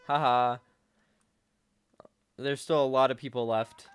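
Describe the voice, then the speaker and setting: A man giving casual gameplay commentary, talking to himself and breaking into sudden high-pitched outbursts at a desk microphone. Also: steady tone, slow, smooth. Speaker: gaming channel host.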